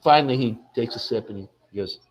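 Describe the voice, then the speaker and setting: A film director being interviewed tells anecdotes with lots of energy, acting out what people said and frequently restarting his sentences. His voice is medium in pitch and a little fast, and the audio quality is poor.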